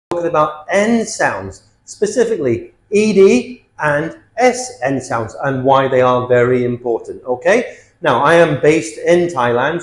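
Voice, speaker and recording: Lively emphatic male English teacher. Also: on the high side. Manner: lively, emphatic teaching with frequent "okay?" checks. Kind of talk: grammar lesson. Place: based in Thailand. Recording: roomy echo, faint music.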